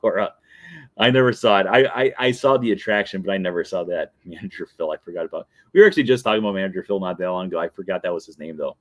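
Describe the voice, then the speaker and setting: A man in his thirties hosting a show, telling long casual anecdotes with frequent laughs and self-corrections. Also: lowish voice. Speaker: podcast host. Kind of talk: casual chat.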